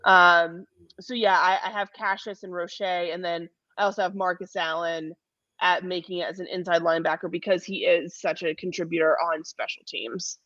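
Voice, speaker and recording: A woman's voice: on the low side, little pitch movement, moderate pace, a bit bright, no room sound. Lady sports reporter chatting on a podcast, lots of ums, jokes about herself, dull dry sound. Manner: chatty, self-deprecating, uses filler um. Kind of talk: casual sports podcast chat.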